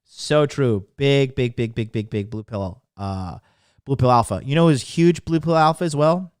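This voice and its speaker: A man's voice: medium pitch, moderate pace, clear, resonant tone, no room sound, studio quality. A man in his thirties hosting a podcast, talking in a brash, profane, emphatic monologue. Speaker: podcast host.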